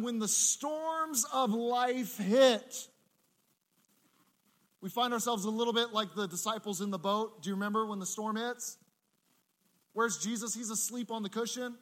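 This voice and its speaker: A man preaching a sermon in a church, animated and acting out the voices he quotes. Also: very high voice. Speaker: pastor.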